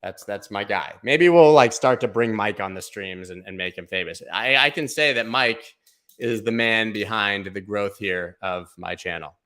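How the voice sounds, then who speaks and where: A man hosting a casual livestream giveaway, chatty and playful, now and then slipping into a booming sports-announcer voice. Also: normal speed, pushed and bright. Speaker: livestream host.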